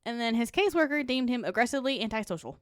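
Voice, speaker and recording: A woman's voice: fairly high pitch, animated, racing, no echo, studio quality. Woman reading true crime, blunt asides. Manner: reads notes then adds blunt, profane asides with laughs. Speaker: podcast co-host. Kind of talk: casual true-crime podcast chat.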